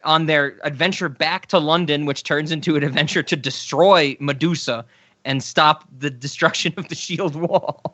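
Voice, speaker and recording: A man's voice: a little high, fairly even intonation, moderate pace, pushed and bright, no room sound. A man co-hosting a film podcast, chatting casually, often laughing and quoting scenes in mock voices. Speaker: podcast co-host.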